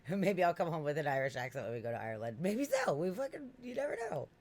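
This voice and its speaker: A man with an East Coast accent, hosting a podcast in casual, animated, rambling chat, laughing often and swearing freely. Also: on the high side, fast, a little hiss or hum. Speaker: podcast host.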